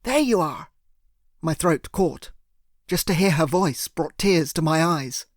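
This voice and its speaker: A man narrating a first-person thriller audiobook in a steady, earnest way. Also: a little high, measured pace, no room sound, studio quality.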